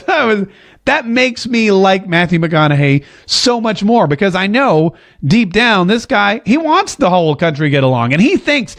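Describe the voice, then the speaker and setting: Joking male politics vlogger, slightly high. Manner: animated, jokey, drawls when quoting. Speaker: host. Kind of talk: casual political commentary. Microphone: talking to a camera.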